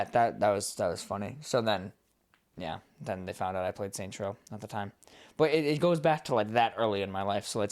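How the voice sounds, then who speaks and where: A young man co-hosting a podcast, telling rambling stories in casual chat and swearing freely. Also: lowish voice. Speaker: podcast co-host.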